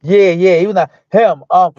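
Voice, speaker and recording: Storytelling ex-boxer, higher-pitched man. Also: moderate pace, no echo. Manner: animated retelling that acts out quoted dialogue; loose speech with many restarts and fillers. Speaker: guest, former boxer. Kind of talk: casual storytelling. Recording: dull lo-fi dry sound.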